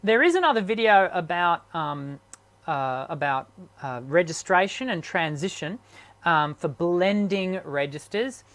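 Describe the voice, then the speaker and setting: A man hosting a live online chat as a singing teacher, his voice strained from sickness, talking haltingly with many ums and restarts. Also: high-pitched, expressive, fairly bright tone. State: sick, strained voice.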